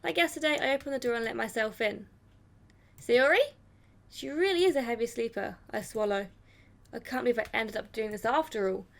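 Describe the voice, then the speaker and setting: A woman's voice: a little high, quick pace, vocal fry. A young woman playing a video game, reading its story text aloud in first person with dramatic expression and swearing reactions. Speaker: gaming YouTuber.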